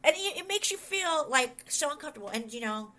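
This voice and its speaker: Bright-voiced woman preaching conversationally. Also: high-pitched, brisk. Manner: rambling, animated, quotes others in voices. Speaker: pastor and author. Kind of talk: conversational sermon with storytelling.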